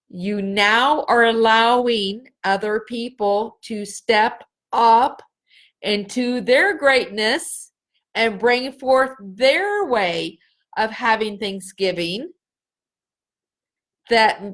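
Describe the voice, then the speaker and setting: Middle aged woman doing a live healing reading, higher pitched, earnest, says things over and over. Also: a bit bright. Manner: slow, earnest, repeats phrases for emphasis. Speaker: spiritual healer hosting a live session.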